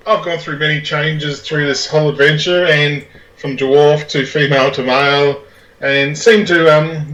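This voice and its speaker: A man joining a game session over a video call, cheerful and quick to laugh. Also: fairly high pitch, fairly bright tone, lo-fi sound. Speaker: player. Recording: echoey, distant video-call audio.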